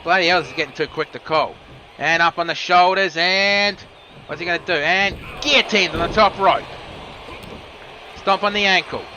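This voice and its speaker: A man commentates a wrestling match, calling each move the moment it lands. His voice sits a little high, and he slips in casual remarks between moves. Steady noise runs under the recording. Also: normal speed. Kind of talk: play-by-play commentary.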